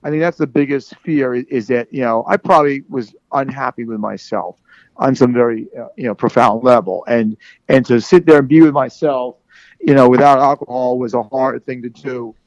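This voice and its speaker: A man with a gravelly, fry-edged voice talks in a rambling, candid way, full of restarts and fillers. His pitch sits in the middle of the range. The sound is dry and close. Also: normal speed, no room sound, dull audio. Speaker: guest in recovery. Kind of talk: candid conversation.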